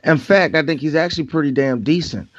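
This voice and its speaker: A man's voice: fairly high pitch, a little fast. A man co-hosting a podcast in casual banter, blunt and profane, joking about movies. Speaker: podcast co-host. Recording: dull lo-fi sound.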